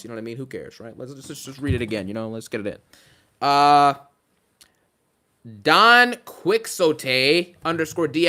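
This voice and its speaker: Bright, chatty male streamer. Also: a little high. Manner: chatty, thanks each donor, rambling asides. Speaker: streamer reading donations. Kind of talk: casual live rant.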